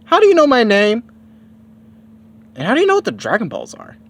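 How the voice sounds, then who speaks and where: A man voicing a sharp-tongued young girl who sounds shrill and indignant. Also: wildly swooping pitch, fairly quick, exaggerated voice.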